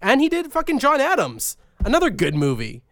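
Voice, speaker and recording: A man's voice: very high voice, wildly swooping pitch, a little fast, no echo, studio quality. A young man co-hosting a movie podcast, ranting and joking with lots of swearing. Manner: profane, rambling, mock-ranting. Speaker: podcast co-host. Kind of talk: casual comedic chat.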